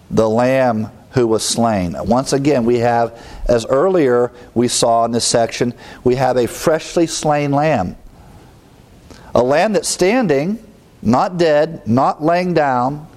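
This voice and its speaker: A man teaching a Bible study verse by verse, with asides and quick jokes. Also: medium pitch, darkish tone.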